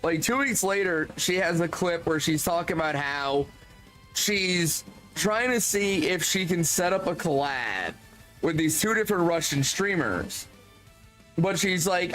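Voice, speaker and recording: A man with a fairly high voice talks into his streaming mic, ranting in exasperation. He swears freely and fills his sentences with "like." Soft music plays faintly underneath. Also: lively intonation, measured pace, rough recording. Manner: exasperated, profane ranting with many "like" fillers. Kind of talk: casual stream commentary.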